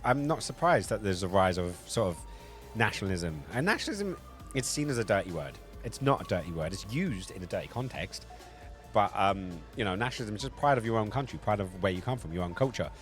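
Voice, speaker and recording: A man's voice: fairly low pitch, very animated, a little fast, faint music behind. Rambling South London Cockney man. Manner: rambling, swears freely, reads out chat. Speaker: live streamer. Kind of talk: casual live-stream chat.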